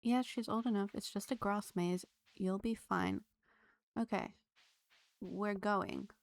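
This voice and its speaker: A woman's voice: mid-range voice, measured pace, darkish tone, no room sound. A woman live-streaming a game, chatting to her viewers and laughing often. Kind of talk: live gameplay streaming chat.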